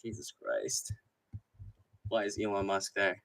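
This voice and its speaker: A man hosting a live fight-night stream, ranting in a rambling, profane, excitable way and often laughing mid-sentence. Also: deep voice, a little slow, creaky. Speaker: MMA streamer host. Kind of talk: live stream commentary, casual rant.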